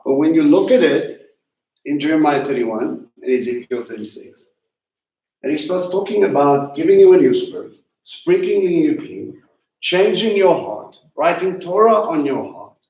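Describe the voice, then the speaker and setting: Man teaching in an echoey hall. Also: a little high. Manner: animated, questioning, slows to stress key words. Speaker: teacher leading a Passover Seder. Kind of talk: sermon-style teaching. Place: congregation hall. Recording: echoey room, voice from a distance.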